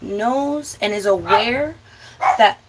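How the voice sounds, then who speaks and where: Over a noisy crowd in a rough recording, a young woman with a medium-pitched voice speaks slowly as she hosts her cooking vlog. Her casual chat is a blunt, profanity-heavy rant, with words occasionally elongated for emphasis.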